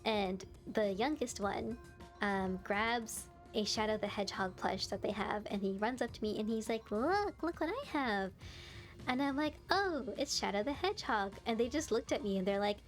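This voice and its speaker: A young adult woman streamer in casual live-stream chat, telling stories in an animated way and laughing often. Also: mid-range voice, normal speed, soft background music.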